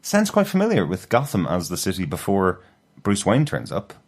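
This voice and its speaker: A man co-hosting a TV review podcast, giving details in a brisk, matter-of-fact way. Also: low-pitched, huge pitch swings. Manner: brisk, matter-of-fact, many agreeing murmurs. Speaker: podcast co-host. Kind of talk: casual review chat.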